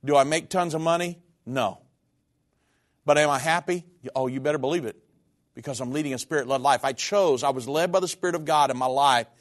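A middle-aged male minister shares a personal testimony during a sermon, earnest and candid yet conversational. His voice sits a little high and moves a little fast.

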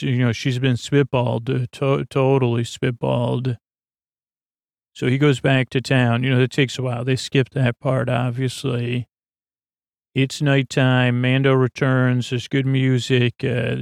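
Gravelly, halting man recapping a show. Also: mid-range voice, no room sound, clean studio sound. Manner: halting, full of fillers and restarts, deadpan. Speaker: podcast host recapping an episode. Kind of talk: rambling comedic episode recap.

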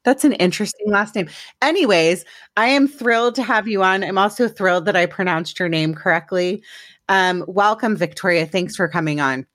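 A woman's voice: medium pitch, moderate pace, fairly bright tone, dry recording. A woman hosting a podcast, chatting casually and making fun of herself in a rambling way. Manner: chatty, rambling, self-mocking. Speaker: podcast host. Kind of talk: casual self-deprecating chat.

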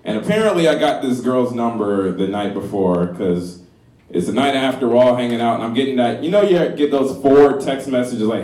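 A man in his thirties with a medium-pitched, darkish voice tells a crude comic story to a live crowd at normal speed. He's animated, loose and profane, laughing often, and the roomy live space makes him sound distant.

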